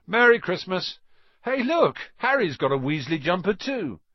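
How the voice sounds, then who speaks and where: A man's voice: on the high side, very animated, quick pace, husky, no echo, highs cut off, pitched above the performer's own voice. A man voicing a boisterous, teasing teenage twin brother.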